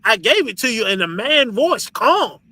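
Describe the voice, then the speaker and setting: A man's voice: very high-pitched, big pitch swings, normal speed, sharp tone, rough recording. A man leading a group discussion as its teacher, lecturing bluntly with profanity and often asking "you understand?". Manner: blunt, profane and scolding, laughs between points. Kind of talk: preachy lecture to an online audience.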